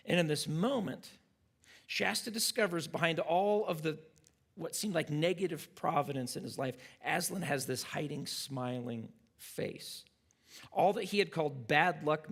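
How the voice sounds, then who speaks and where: A man's voice: fairly high pitch, creaky. A pastor teaching a church class, earnest and reflective as he retells a story and draws lessons from it.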